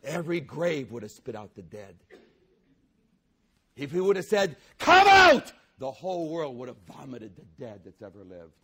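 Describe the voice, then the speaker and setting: A man's voice: medium pitch, big pitch swings, normal speed, darkish tone, slightly rough. A man preaching a sermon, emphatic and repetitive as he reads and retells a passage. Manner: emphatic, repetitive, with bursts of laughter.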